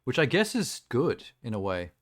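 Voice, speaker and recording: A man's voice: mid-range voice, huge pitch swings, normal speed, no echo. Offhand male streamer, dry close sound. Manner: rambling, offhand, frequent fillers. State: talking around a sour lolly in his mouth. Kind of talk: casual reaction chat.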